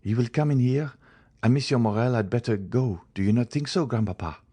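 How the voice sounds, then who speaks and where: An anxious, devoted young noblewoman in an audiobook, as a male narrator puts her on. Her pleading voice is pitched well above his own and climbs into high, frantic cries. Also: a little fast, dark tone, breathy edge, close to an everyday voice. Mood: gentle, earnest. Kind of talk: audiobook character voice.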